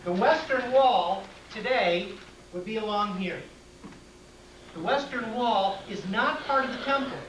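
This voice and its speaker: A man's voice: high-pitched, measured pace, fairly bright tone. Lecturer, male, plain-spoken and direct, taking class questions; echoey room, distant mic. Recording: echoey room taped from afar, faint hiss.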